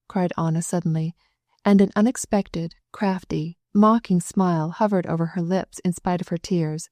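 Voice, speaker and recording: A woman narrating a classic novel audiobook in a measured, even storytelling manner, close to the mic. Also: fairly low pitch, no echo.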